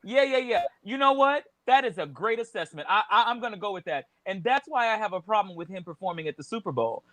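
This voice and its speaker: High bright-voiced animated man. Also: quick pace. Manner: animated, repeats words while searching for names. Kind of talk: casual chat.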